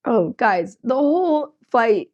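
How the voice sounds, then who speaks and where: Sarcastic woman comedian, movie recap, fairly high voice, dull lo-fi sound. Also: slow. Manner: sarcastic, animated, jokey.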